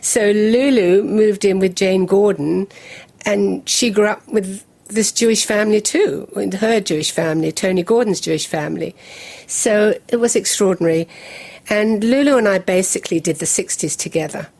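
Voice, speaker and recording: Older woman telling lively anecdotes. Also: mid-range voice, moderate pace, creaky. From England. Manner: lively anecdotal storytelling with laughs. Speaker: guest. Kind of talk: storytelling interview.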